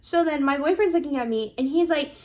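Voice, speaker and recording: A young woman in her twenties casually recaps a drama episode, gushing and dramatic, sometimes performing characters' lines. She talks fast, packed with fillers and quick asides to the listener, in a high, slightly mellow voice.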